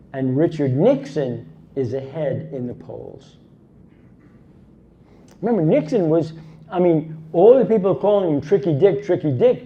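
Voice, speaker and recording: Animated high-pitched male storyteller. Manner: animated, emphatic, punctuated with rhetorical asides. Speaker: conference speaker. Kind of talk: dramatic storytelling talk. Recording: dull lo-fi recording.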